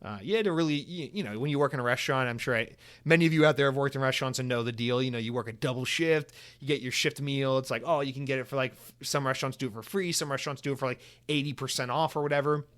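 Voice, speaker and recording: A man's voice: medium pitch, rapid-fire, few pauses, a bit bright. A young man from the United States hosting a solo podcast, rambling in casual chat and swearing often. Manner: rambling, swears a lot, many restarts. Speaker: podcast host.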